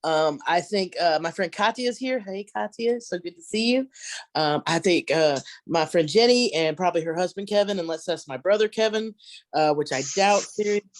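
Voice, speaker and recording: A woman's voice: fairly low pitch, moderate pace, no echo. A middle-aged woman doing a brash, profane, rambling stand-up set. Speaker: headlining comedian. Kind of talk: stand-up set on a video call.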